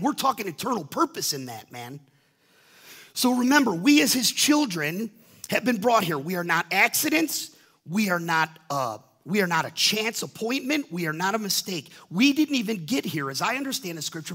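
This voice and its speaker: A man's voice: high voice, a bit bright, slightly rough. A man in his fifties, a pastor, preaching an impassioned sermon, acting out voices in the stories he tells, often repeating words. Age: 50s.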